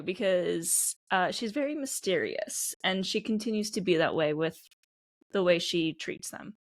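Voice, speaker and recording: A woman's voice: mid-range voice, lively intonation, measured pace, no echo. A woman with a mid-range voice co-hosts an anime podcast, recorded close and dry. She rambles casually, stringing thoughts together with plenty of filler words. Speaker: podcast co-host.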